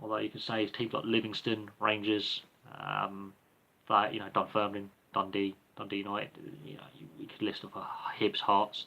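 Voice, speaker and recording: A man's voice: fairly low pitch, creaky, bright, forceful tone. A man hosting a livestream Q&A, answering viewer questions off the cuff in a rambling, hesitant way with many ums and restarts. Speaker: livestream Q&A host.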